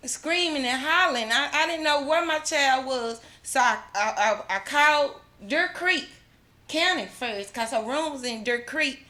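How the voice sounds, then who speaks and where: A woman's voice: high-pitched, a little slow, bright, forceful tone. A middle-aged woman, giving a fervent personal testimony as a mother at an awards ceremony, repeating herself and restarting often. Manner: fervent, repetitive, restarts often, religious phrasing. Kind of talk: emotional personal testimony speech.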